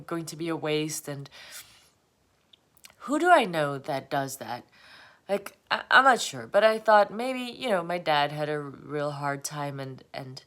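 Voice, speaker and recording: A woman talks slowly and unhurriedly to her camera, her voice sitting a little low. She rambles through a confessional monologue and keeps breaking into laughter. She sounds emotional, close to tears. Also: clean tone. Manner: rambling, laughs often while talking. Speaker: vlogger.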